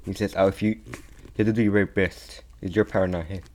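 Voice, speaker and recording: Halting young man retelling a fan story. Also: low voice, fairly even intonation, darkish tone, a little hiss or hum. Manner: halting, many restarts and repeats.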